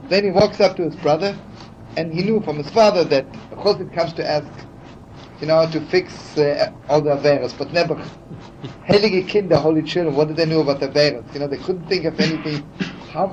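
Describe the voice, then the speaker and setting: A man's voice: on the high side, darkish tone. Heartfelt male preacher, muffled old tape. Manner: heartfelt, chatty, many "you know" asides. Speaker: rabbi teaching. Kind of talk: storytelling sermon. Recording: dull archival recording with faint hiss.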